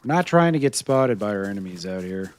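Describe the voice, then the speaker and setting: Big pitch swings mark this American man's lowish voice as he talks fairly quickly during a live game stream. He chats with viewers, laughs frequently and talks to himself while looking for gear.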